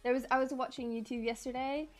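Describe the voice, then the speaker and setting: A woman's voice: high-pitched, flat delivery, fast, faint music behind. A woman streamer chatting casually while she sculpts, reading chat aloud, laughing often and apologizing.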